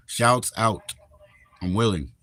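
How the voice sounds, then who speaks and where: A man's voice: fairly low pitch, bright, forceful tone, no room sound. Laid-back man streaming. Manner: laid-back, rambling, drawn-out slang. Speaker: live streamer. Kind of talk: casual live-stream chat.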